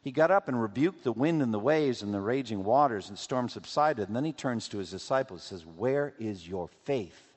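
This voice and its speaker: A man preaching a sermon as pastor, asking rhetorical questions and acting out quotes in an animated way. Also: medium pitch, fast talker, hardly any pauses. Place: church sanctuary. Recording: long hall reverb.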